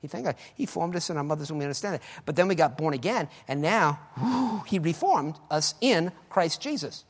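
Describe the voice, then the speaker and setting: A man preaching a sermon with fervor, swinging between loud exclamations and quiet asides. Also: fairly high pitch, animated, fairly quick, hardly any pauses, breathy edge. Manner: fervent, swings between shouting and soft asides. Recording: echoey hall with long reverb.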